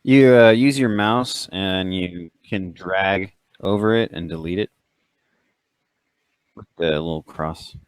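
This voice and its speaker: A man with a lowish voice explains tabletop game rules plainly and matter-of-factly. His voice is recorded dry, with no echo around it. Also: takes it slowly, pauses often, smooth. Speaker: player. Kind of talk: casual tabletop game talk.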